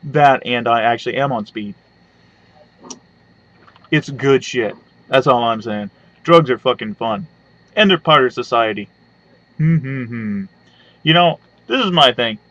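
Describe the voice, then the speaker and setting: A man's voice: mid-range voice, unhurried, long pauses, fairly bright tone. A man doing a profane, rambling, sarcastic comedy rant, with lots of hums and side remarks, recorded on a webcam at home. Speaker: webcam vlogger. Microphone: webcam mic. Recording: dull lo-fi webcam audio.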